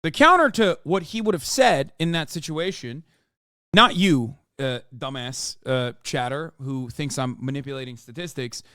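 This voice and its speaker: In a clean, echo-free studio recording, a man in his thirties delivers combative, profane live-stream commentary on a political interview, sparring with his chat. His mid-range voice is animated and sharp-toned, moving at a normal speed.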